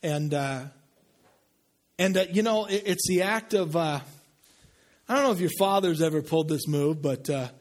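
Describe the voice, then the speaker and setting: Pastor, male, casual sermon delivery, a little higher-pitched than most men, turns quiet and slow for emphasis. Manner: conversational, asks the congregation questions; drops low and slow for emphasis.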